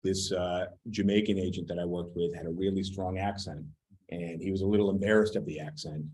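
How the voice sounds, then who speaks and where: Blunt, low-voiced man giving casual training. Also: fairly even intonation, brisk, darkish tone, rough recording. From United States. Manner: blunt, swears casually, critiques advice. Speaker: real estate trainer.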